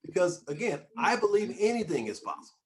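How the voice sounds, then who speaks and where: A man's voice: sits high, brisk, a crowd in the background. A man hosting a talk show, speaking emphatically and restarting his phrases as he interviews a guest. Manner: emphatic and animated, with repeated restarts. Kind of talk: conversational interview.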